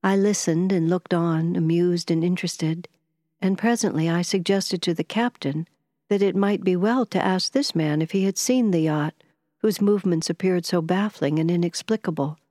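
With a voice on the low side, a woman narrates an audiobook in a measured, expressive storytelling style. The audio is studio quality, free of any room sound.

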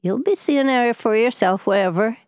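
A woman voicing a slow, cunning old Highland boatman with a Scottish Highland accent, in audiobook narration. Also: a little mellow, clean tone, no room sound, studio quality, close to an everyday voice. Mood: guarded. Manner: slow, sly, lilting Highland speech. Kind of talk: audiobook character voice.

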